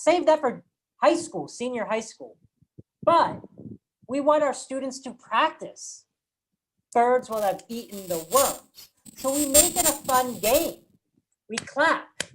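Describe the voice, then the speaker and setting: A woman trainer takes teachers through classroom activities at an unhurried, deliberate pace, her voice sitting a little high. She sometimes chants short phrases to show the beat. A faint hiss of noise sits under the call audio. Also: poor audio. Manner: slow, deliberate, demonstrates rhythm by chanting. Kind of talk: teacher workshop presentation.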